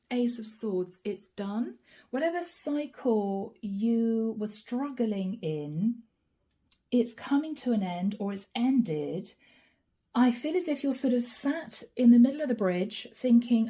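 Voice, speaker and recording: This tarot reader has a fairly high voice and a slow delivery. Her channeled reading is chatty and lively, speaking straight to the listener by star sign, and she softens to a whisper whenever she names a card.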